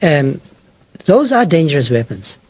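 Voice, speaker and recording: Slow, husky man speaking in measured tones. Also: a little high, big pitch swings, darkish tone, dry recording. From South Africa.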